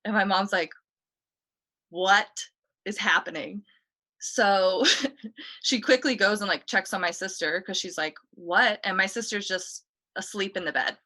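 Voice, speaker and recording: A woman's voice: mid-range voice, normal speed, bright, forceful tone. A woman, a guest on a talk show, casually recounting a story in a chatty way, full of "like" and "you know". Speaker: guest telling a ghost story.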